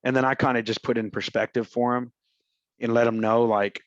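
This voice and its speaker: A man talks real estate in a loose, slangy coaching style. He slips into little acted phone calls as he goes. His voice sits at a middle pitch, and the recording is a bit muffled and dry. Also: flat delivery, a little fast, dry recording. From Houston, Texas. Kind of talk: casual coaching talk.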